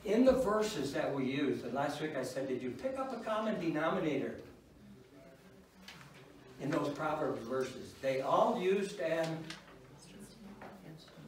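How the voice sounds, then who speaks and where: The older man's voice is on the high side with big pitch swings, and he speaks a little slowly with frequent pauses, over slight background noise. In his informal church class on parenting, he is folksy and wry and chuckles at his own stories. The echoey room is picked up by a far-off mic.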